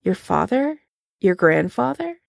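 A woman's voice: mid-range voice, sing-song, unhurried, creaky, dry recording, studio quality, heavily acted. A woman voicing a sardonic, emotional young male genius, in a fan fiction audiobook reading. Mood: wry.

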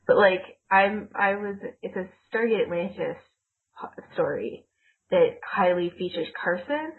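This podcast co-host speaks in an unhurried, expressive voice on the lower side, heard through a tinny call line. Her casual chat wanders, full of fillers, especially "like."

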